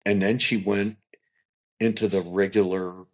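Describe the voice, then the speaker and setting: A middle-aged man, a podcast guest, telling a long family story in an animated way and acting out what people said. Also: on the low side, measured pace. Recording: dull lo-fi recording.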